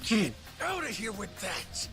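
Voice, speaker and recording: A man voicing a brash, hot-tempered male gangster from a video game, loud and indignant. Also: high-pitched, big pitch swings, a little slow, loud music behind the voice, voice pushed up.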